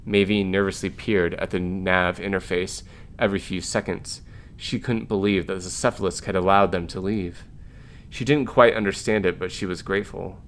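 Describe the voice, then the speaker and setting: A man reviewing a story game, narrating its text aloud in an even, plain way. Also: sits low, moderate pace, a little hiss or hum.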